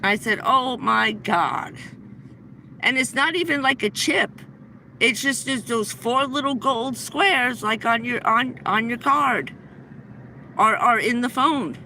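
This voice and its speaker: Bright-voiced middle-aged woman rambling a story. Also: fairly high pitch, a little slow, a little hiss or hum, low-quality recording. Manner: rambling, breathless anecdote with many restarts. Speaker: livestream host. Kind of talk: casual storytelling on a livestream. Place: inside a vehicle.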